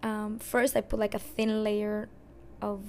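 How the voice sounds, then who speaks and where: A young adult woman hosting a podcast, candidly telling a personal story in a casual, expressive way and cursing now and then. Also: medium pitch, a little slow, a little hiss or hum. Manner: candid and expressive, swears and laughs at herself. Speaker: podcast host.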